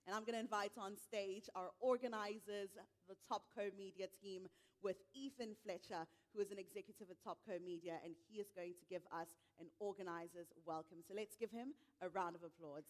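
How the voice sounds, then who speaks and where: A woman's voice: mid-range voice, steady tone, brisk. A woman hosting a live tech conference on stage, upbeat and speaking directly to the audience.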